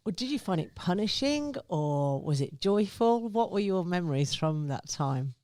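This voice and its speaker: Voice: medium pitch, big pitch swings, normal speed, darkish tone, dry recording, studio quality. A co-presenter raised in the United Kingdom, chatting effusively and laughing often. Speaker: radio co-presenter. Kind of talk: casual interview hosting.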